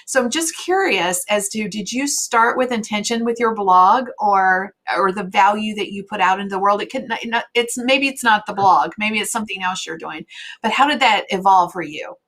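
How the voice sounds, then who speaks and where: A woman host in a relaxed interview chat, mid-range in pitch. She talks in a friendly, rambling way and lets her phrases fade off quietly. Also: normal speed. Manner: chatty, warm asides, trailing off quietly.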